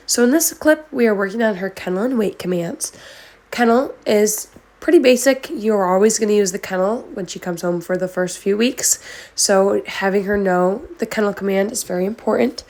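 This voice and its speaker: A woman's voice: medium pitch, moderate pace, a little mellow. A woman dog trainer giving a methodical, friendly voice-over that explains training commands step by step. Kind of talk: instructional voice-over.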